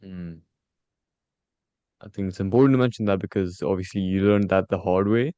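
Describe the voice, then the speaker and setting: Deep, mellow male interviewer. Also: no room sound, dull audio. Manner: measured, polite questioning. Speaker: interview host, performance coach. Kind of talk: podcast interview questions.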